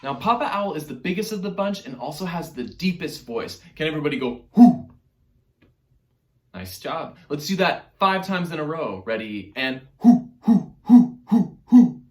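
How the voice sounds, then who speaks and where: A man's voice: on the high side, big pitch swings, a little fast, hardly any pauses, fairly bright tone, echoey room. A man teaching an online music lesson to children in a playful, encouraging way.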